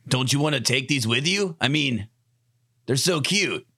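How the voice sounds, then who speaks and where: A man's voice: mid-range voice, animated, a little slow, pushed and bright, slightly rough. A man playing a tabletop game in character, jittery and swearing with nervous bravado. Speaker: player.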